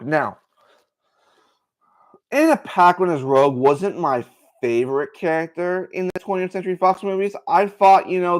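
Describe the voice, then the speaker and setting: Excitable male livestream host, slightly higher voice, lively swinging pitch, full of fillers. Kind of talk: casual livestream commentary.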